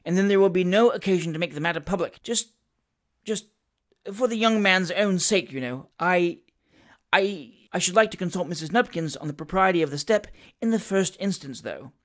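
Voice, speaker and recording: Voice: mid-range voice, expressive, normal speed, lightly acted. A reader voicing a pompous, flustered male country magistrate in an audiobook, stern and blustering with some stammering.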